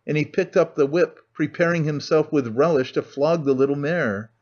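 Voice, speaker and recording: Guy reading an audiobook, measured pace, a bit high voice, muffled lo-fi audio. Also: a little mellow. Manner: measured storytelling delivery. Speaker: audiobook narrator. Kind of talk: scripted narration.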